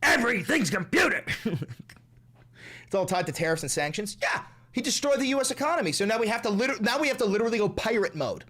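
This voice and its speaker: A man's voice: high voice, very fast, hardly any pauses. Heated, profane young man ranting. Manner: profane, heated, mocking, animated delivery. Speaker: streamer. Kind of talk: ranting political commentary.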